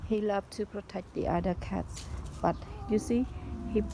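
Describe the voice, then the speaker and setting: A woman's voice: mid-range voice, normal speed, vocal fry. A woman feeding stray animals at a pagoda, talking in simple English and cooing to the animals in a coaxing voice. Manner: simple non-native English, coaxing baby talk to animals. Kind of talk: casual vlog commentary. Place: outdoors at a pagoda. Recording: outdoor background noise.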